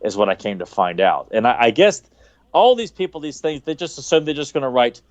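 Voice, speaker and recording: A man's voice: medium pitch, sing-song, fairly quick, dry recording. A man on a podcast telling a long, rambling anecdote in casual chat, with frequent restarts. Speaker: podcast co-host.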